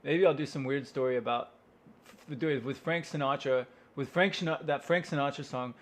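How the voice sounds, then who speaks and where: A man's voice: medium pitch, brisk. A man in a casual, rambling monologue, wry and self-interrupting, who swears freely. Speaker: vlogger.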